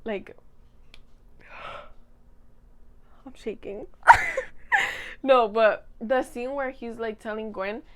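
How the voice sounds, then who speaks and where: A woman's voice: fairly high pitch, extremely slow, pauses often, a bit bright. A young woman chatting casually into a desk mic at home, giggly and gushing as she rambles. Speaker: vlogger. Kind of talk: casual chat.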